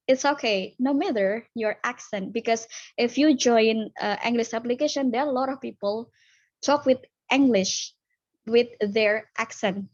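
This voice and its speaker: A woman's voice: a little high, no echo. A young woman, a guest speaker answering questions in a casual online discussion, hesitant and full of fillers. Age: 20s. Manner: hesitant, searching for words, many fillers. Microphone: video call. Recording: muffled lo-fi call audio.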